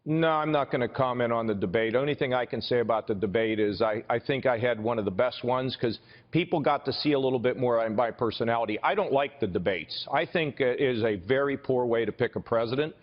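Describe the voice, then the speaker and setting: A man's voice: medium pitch, a little fast. Older man, political guest, upbeat, insistent, dull lo-fi feed, long echo. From Ohio. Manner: upbeat, insistent, repeats "Neil" often. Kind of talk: remote TV interview. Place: outdoors in snowy weather.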